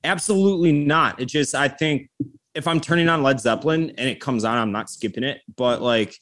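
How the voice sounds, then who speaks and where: A man's voice: mid-range voice, brisk, a bit bright. A man co-hosting a podcast, giving blunt, profane opinions in casual chat. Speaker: podcast co-host.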